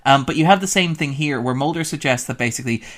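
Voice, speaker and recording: A man's voice: mid-range voice, quick pace, a bit bright. A man, a podcast guest, giving long analytical commentary in a casual discussion, peppered with "like". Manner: analytical and long-winded, with frequent "like" fillers.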